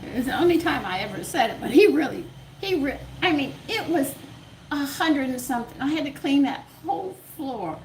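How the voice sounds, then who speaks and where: An older woman with a Southern US accent, a cooking channel host, telling a home story in casual, animated talk and laughing often. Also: high voice, normal speed, a little hiss or hum. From American South. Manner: animated, laughs often, swings loud and quiet.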